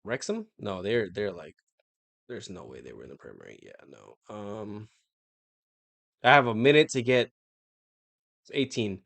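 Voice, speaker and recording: A man's voice: on the low side, animated, moderate pace, vocal fry, long pauses, a bit bright, dry recording. A young man streaming himself taking a football quiz, muttering to himself and swearing when he gets stuck. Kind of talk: live-stream quiz commentary.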